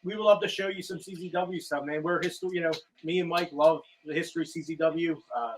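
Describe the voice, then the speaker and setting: A male co-host wraps up an interview, thanking the guest and pointing viewers to merchandise. His voice sits high for a man. He sounds friendly and informal. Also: fairly even intonation, fast, over a noisy crowd. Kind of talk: casual interview wrap-up.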